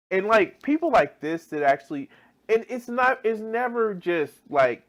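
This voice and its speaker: A man's voice: sits high, sing-song, slow pace, pauses often. A man ranting in a reaction video, exasperated and heavily profane, often restarting mid-sentence. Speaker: video commentator.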